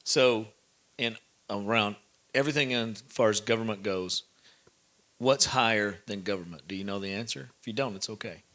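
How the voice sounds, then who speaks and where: A man's voice: fairly low pitch, normal speed, a bit bright. A man speaking at a live event, giving blunt, preachy advice and checking that his listeners follow.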